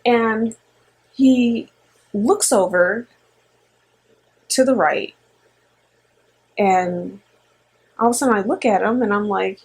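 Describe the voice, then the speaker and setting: A middle-aged woman spins a spooky personal story in loose, rambling fashion, her voice a little husky. She is animated and sprinkles in fillers as she goes. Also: on the high side, slow pace, long pauses. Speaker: co-host and mother. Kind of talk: casual storytelling.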